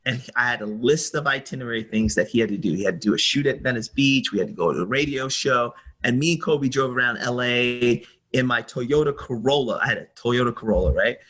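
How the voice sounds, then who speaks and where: Husky middle-aged man telling animated stories. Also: mid-range voice, fairly quick. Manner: animated storyteller who acts out quoted exchanges. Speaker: guest, former basketball team staffer. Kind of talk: storytelling interview answer.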